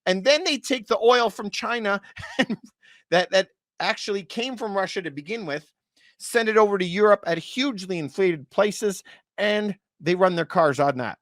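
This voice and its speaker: A man's voice: high voice, normal speed, a bit bright, no echo, studio quality. A man, hosting a casual commentary video for viewers and talking in an emphatic, repetitive way. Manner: emphatic and repetitive, often calls things unbelievable. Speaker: real estate video host.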